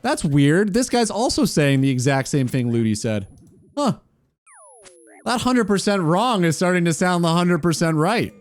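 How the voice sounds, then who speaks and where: A man's voice: high voice, big pitch swings, moderate pace. A man chatting casually on a gaming stream, teasing and mock-incredulous.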